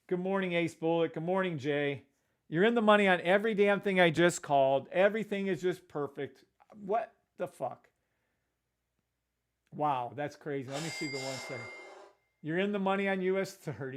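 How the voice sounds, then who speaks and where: A man hosting a live trading stream, calling out trades to viewers and greeting them by name, excitable and profane, swinging from shouts to mutters. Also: sits high, normal speed, background noise. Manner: addresses chat viewers by name.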